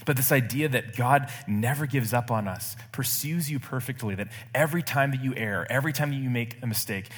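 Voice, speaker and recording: A man's voice: medium pitch, fairly bright tone, husky, long reverb tail. A male pastor preaching a sermon in an earnest way, often repeating phrases for emphasis. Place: church sanctuary.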